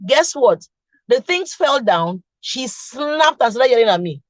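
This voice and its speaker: A woman's voice: a little high, sing-song, a little slow, dry recording. A middle-aged woman with a Nigerian accent hosting a casual chat, laughing often and teasing her viewers directly. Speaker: podcast host.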